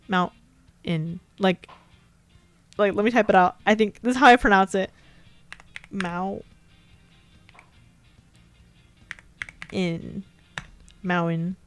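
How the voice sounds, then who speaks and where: A woman's voice: on the high side, a bit bright. A young woman with a Californian accent, rambling and giggling through a casual stream chat.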